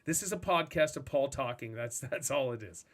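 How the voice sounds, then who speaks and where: A man hosting a casual gaming podcast, ranting in a rambling, animated way. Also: mid-range voice, normal speed. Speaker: podcast host and streamer.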